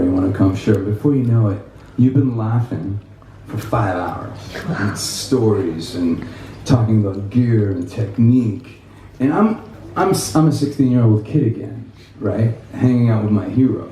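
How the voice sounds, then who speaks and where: Man telling animated stories in a roomy hall. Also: fairly low pitch, slight background noise. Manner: animated anecdotes with laughs and quoted voices. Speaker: guitarist giving a clinic. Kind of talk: casual storytelling to an audience. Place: music store clinic in front of an audience. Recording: echoey room, mic from a distance.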